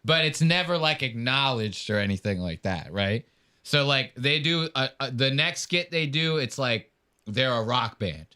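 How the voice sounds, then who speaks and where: A man's voice: medium pitch, moderate pace, smooth. A man, a podcast host, chatting casually and retelling scenes with acted-out quotes. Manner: animated storytelling with acted-out quotes and laughs. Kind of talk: casual chat reacting to clips.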